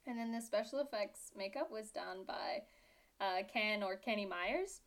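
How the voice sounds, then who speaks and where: Here a young woman co-hosting a podcast speaks at medium pitch and a moderate pace. Originally from Britain, her accent leans toward Australian as she trades casual, sarcastic, giggly banter.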